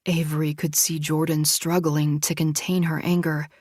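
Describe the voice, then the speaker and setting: A woman narrating a suspense audiobook in a hushed, tense read. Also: low voice, little pitch movement, moderate pace, few pauses, no echo, clean studio sound. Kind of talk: scripted narration.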